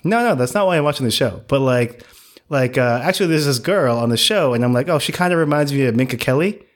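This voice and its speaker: A man's voice: mid-range voice, lively intonation, quick pace. A man chatting casually as a podcast co-host, rambling with lots of fillers and restarts. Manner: rambling, many likes and restarts. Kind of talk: casual chat.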